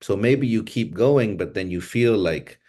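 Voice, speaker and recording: A man's voice: fairly low pitch, animated, a little slow, darkish tone. A man hosting a language class over a video call, speaking in a thoughtful, reflective way and moving between Chamoru and English.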